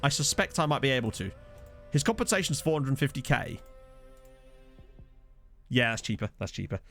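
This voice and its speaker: Chatty male streamer, lively pitch. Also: normal speed, faint music behind. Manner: chatty, jokey, answers viewers' chat. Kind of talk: casual live-stream chat while playing a football management game. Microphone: desk USB condenser microphone.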